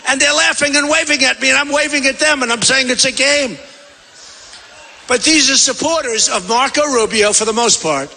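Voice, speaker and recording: A man gives a campaign rally speech in a rambling, conversational way, circling back and repeating himself. His voice is high for a man, bright and forceful. It rings out through a big convention hall with a long reverb. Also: moderate pace, gravelly. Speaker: political candidate at a rally. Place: large convention center hall.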